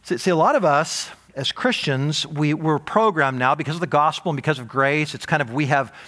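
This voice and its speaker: A man preaching a sermon, emphatic and animated, with frequent repetition. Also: fairly high pitch, a little fast. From United States. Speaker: pastor.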